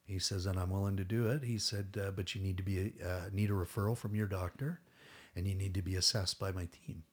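A man's voice: low voice, steady tone, a little fast, breathy edge. A middle-aged man telling a long story as a podcast guest, rambling and acting out what others said, with casual swearing.

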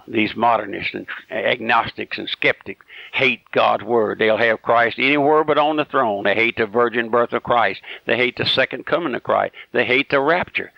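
Folksy, fervent preacher, gravelly. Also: male voice, mid-range voice, no room sound. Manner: folksy, fervent, pleading preaching with rhetorical questions. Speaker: radio preacher. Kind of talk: radio sermon. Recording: dull, dry, lo-fi radio recording.

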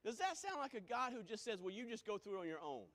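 A man preaching a sermon, swinging from booming exclamations to hushed lines and breaking into sung hymn phrases. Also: big pitch swings, fast talker.

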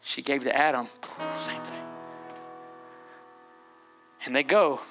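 A male pastor preaches with fervent intensity, stacking repeated lines that climb as he pushes on. His voice sits at an ordinary middle pitch. Clear music plays underneath throughout. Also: slow. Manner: impassioned, repetitive and rising preaching. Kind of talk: sermon.

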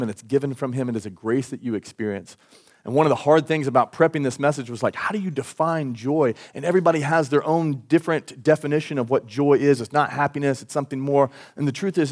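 Guy pastor preaching at a church service, chatty and earnest, mid-pitch voice. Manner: conversational, earnest, animated storytelling. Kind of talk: sermon.

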